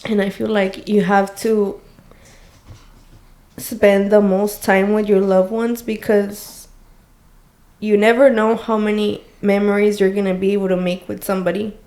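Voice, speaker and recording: A woman guest on a podcast talks softly and reflectively about what matters. Her tone is emotional and sincere. Her pitch sits in an ordinary middle range for a woman. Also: little pitch movement, measured pace. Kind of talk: heartfelt casual chat.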